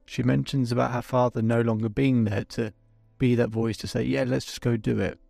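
A life coach with a mid-range, level, gravelly and mellow voice speaks reflectively in a coaching session, addressing both his client and his listeners. He's halting, often restarting his sentences. There's no room sound, just faint music in the background.

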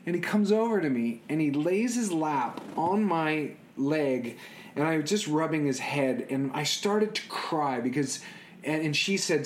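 A middle-aged man telling personal stories about being a father, animated, often repeating words and restarting sentences. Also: fairly high pitch, a little slow, slight background noise. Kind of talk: casual storytelling.

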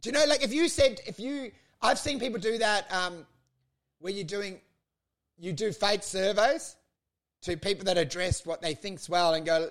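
Male podcast co-host, high voice, fast comedic riffing, plays characters in his bits. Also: fairly bright tone. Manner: riffing, acts out mock dialogue in silly voices. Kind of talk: casual comedic banter.

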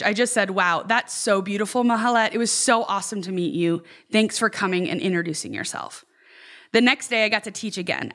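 A woman who directs youth ministry, telling an earnest personal story to fellow youth leaders and lively when she quotes others. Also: medium pitch. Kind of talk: storytelling testimony.

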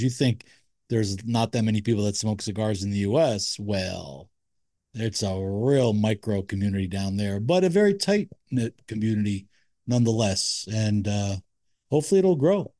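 Upbeat man with a mellow voice. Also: lowish voice, normal speed, no echo, clean studio sound. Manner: upbeat, enthusiastic. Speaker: podcast co-host. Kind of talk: casual chat. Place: cigar factory.

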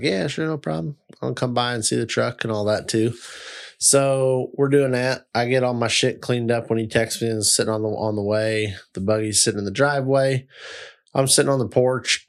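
Profane storytelling young man. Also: lowish voice. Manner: rambling, profane, animated storytelling. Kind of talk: casual chat.

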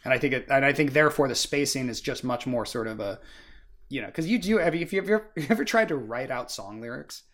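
A man's voice: mid-range voice, animated, fast talker, a bit bright. Rambling man in casual chat. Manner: rambling, full of "like" and "you know". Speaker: book discussion co-host.

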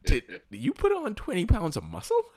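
A man's voice: high-pitched, huge pitch swings, normal speed, mellow. A man co-hosting a casual podcast, riffing with strong opinions and sports comparisons. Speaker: podcast co-host. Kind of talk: casual chat.

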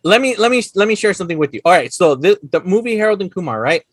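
A young man co-hosting a casual movie chat, animated and swearing, acting out quotes and laughing often. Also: high voice, quick pace, husky, no echo, studio quality. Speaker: podcast co-host.

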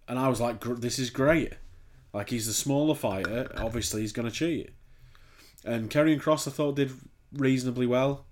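A man's voice: medium pitch, darkish tone. A man co-hosting a podcast, rambling and swearing in casual chat. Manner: sweary, rambling, laughs easily. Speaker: podcast co-host.

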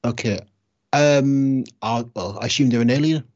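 A man's voice: medium pitch, moderate pace, darkish tone, no room sound. Laid-back man on a dull-sounding line. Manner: laid-back, brief replies with short laughs. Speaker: podcast co-host. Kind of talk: casual chat.

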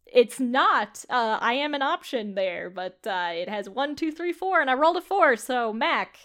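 High-voiced, laughing woman game master. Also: lively intonation, moderate pace, a bit bright. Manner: self-deprecating, laughs often. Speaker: dungeon master and podcast host. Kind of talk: casual game-night chat.

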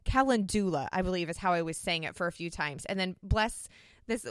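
A woman's voice: fairly low pitch, fairly quick, smooth, no echo. A woman hosting her own podcast, talking in a chatty, upbeat way and laughing often. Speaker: podcast host. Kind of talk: casual podcast talk.

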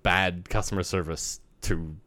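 A man's voice: low-pitched, fairly even intonation, measured pace, pushed and bright, no room sound. A man telling a rambling, profane work story in casual chat.

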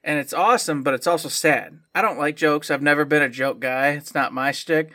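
Animated bright-voiced man. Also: on the high side, a little fast. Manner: animated storyteller, lively emphatic delivery. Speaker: podcast co-host. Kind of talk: casual podcast chat.

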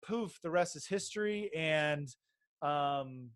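A man's voice: on the high side, slow, clear, resonant tone. A middle-aged man telling an entrepreneur story in casual chat, rambling with many restarts and fillers. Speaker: podcast guest, baby sleep business owner.

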